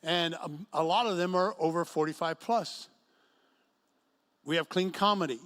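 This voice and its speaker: A man's voice: fairly high pitch, normal speed, a bit bright. A middle-aged man preaching a sermon to a singles group in an event room, telling stories and acting out quotes. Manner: storytelling with acted quotes. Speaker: pastor.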